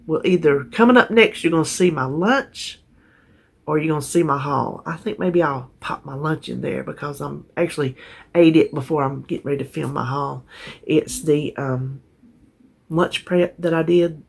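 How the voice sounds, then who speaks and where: A woman's voice: low-pitched, moderate pace, vocal fry, husky. A woman chatting casually to camera as a vlogger, talkative and heartfelt. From North Carolina, USA. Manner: chatty, warm-hearted, trails off and restarts.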